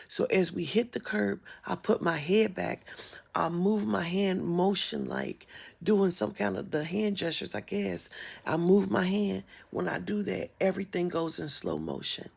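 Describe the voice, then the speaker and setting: Very gravelly, husky-voiced woman. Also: on the low side, big pitch swings, unhurried. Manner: emphatic and profane, drops to a whisper at times. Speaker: spiritual vlogger. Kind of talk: casual storytelling on a live stream.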